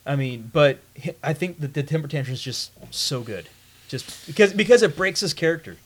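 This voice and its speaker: Playful higher-pitched man in casual chat. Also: animated, fairly quick, breathy edge. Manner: playful, joking, stammering restarts.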